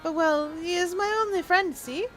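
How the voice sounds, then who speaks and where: A fussy, talkative train cook with a highish voice, as a woman puts him on, quick to scold and then sheepish. He rambles like a video game side character. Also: fairly bright tone, soft background music. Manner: fussy, chatty.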